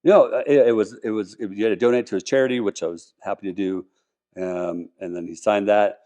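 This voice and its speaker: An enthusiastic man with a somewhat low voice, chatting as a podcast guest. He rambles, restarts his sentences and piles on details. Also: steady tone, fairly quick, mellow. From Colorado, US. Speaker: podcast guest, car collector. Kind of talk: casual interview talk.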